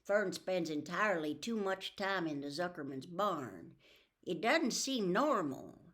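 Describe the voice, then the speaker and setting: A woman's voice: fairly low pitch, very animated, measured pace, a bit bright. A woman reading a fretful farm mother. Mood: anxious. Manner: anxious, fretful. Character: worried middle-aged farm mother.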